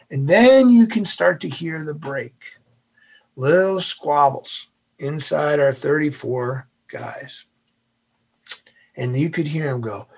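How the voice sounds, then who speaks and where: A man's voice: medium pitch, unhurried, slightly rough. A man, a former navy officer, telling a story as a guest in an interview, acting out the voices.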